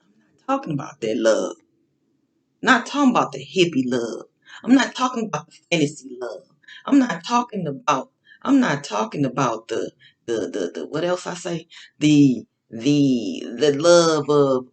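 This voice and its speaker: An online speaker on faith and love, this woman delivers a casual, sermon-like monologue full of informal slang, preachy in manner and building emphasis. She repeats phrases and often restarts her sentences, speaking a little slowly in a low voice with big pitch swings.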